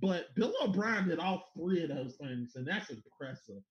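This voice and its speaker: A man hosting a casual sports podcast, excitable and stammering, swearing often. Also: fairly high pitch, normal speed. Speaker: podcast host. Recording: echoey room, dull lo-fi sound.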